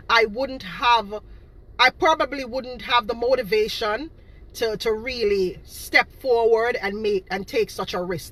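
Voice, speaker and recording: A woman's voice: medium pitch, sharp tone. A woman in her thirties from Boston with a Jamaican patois-inflected accent, talking casually and indignantly to her viewers, repeating herself for emphasis. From Boston, Massachusetts. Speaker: cake seller.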